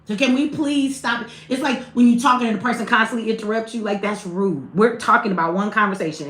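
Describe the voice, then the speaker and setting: A woman's voice: fairly high pitch, a little fast, few pauses, fairly bright tone, roomy sound. A woman hosting a livestream, talking bluntly to her chat with plenty of cursing. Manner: blunt, profane, talks straight to chat. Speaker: livestream host. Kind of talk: livestream commentary.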